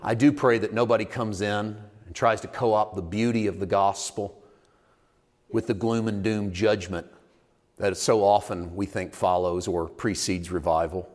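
Male preacher rising to loud emphatic peaks. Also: lowish voice, measured pace. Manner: builds from calm storytelling to loud, emphatic climaxes; preaching with congregation call and response. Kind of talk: sermon. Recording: long reverb of a large hall.

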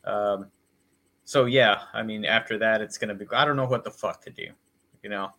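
Easygoing, low-voiced male co-host. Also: fairly even intonation, moderate pace, sharp tone. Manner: easygoing, profane, rambling storyteller. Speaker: podcast co-host. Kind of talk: casual podcast chat.

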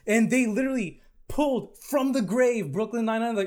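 A man chatting as a podcast guest, animated and casually swearing. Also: extremely high pitch, brisk. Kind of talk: casual chat.

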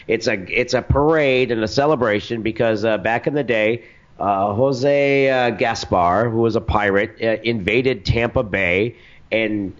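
A man's voice: on the low side, a little slow. Hesitant male caller on radio. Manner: hesitant, full of fillers. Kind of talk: phoned-in casual chat. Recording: dull lo-fi radio recording.

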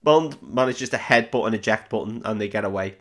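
A man's voice: fairly low pitch, a little fast, a bit bright. Sweary man recapping a film. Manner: sweary, jokey, acts out characters in mocking voices. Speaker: podcast host. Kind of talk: casual chat recapping a film.

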